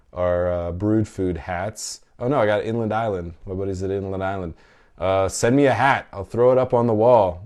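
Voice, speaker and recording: A man's voice: on the low side, a little mellow. A man in his thirties hosting a podcast, chatting candidly and emotionally while reading listener comments, swearing freely. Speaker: podcast host. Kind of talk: casual live chat reading listener comments.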